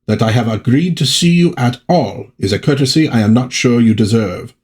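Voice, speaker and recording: A man's voice: medium pitch, normal speed, a little mellow, lightly acted. A man reading comic dialogue aloud as a haughty, self-important male alien official.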